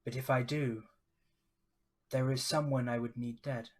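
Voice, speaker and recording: A man voicing a spectral glowing maiden of the sea who speaks calmly and offers a bargain in a tabletop game. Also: medium pitch, measured pace, natural voice. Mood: cryptic.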